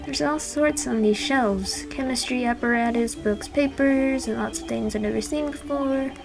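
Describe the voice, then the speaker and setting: A woman hosting a gaming playthrough, reading the game's narration aloud with quick asides. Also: high voice, vocal fry, poor audio. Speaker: gaming channel host. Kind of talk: reading game dialogue aloud with voices. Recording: game music behind.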